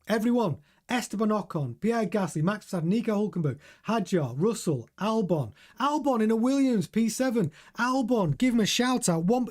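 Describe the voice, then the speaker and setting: A man with a high, slightly mellow voice hosts a casual motor racing livestream while drinking coffee. He's chatty and opinionated and reads viewers' comments aloud.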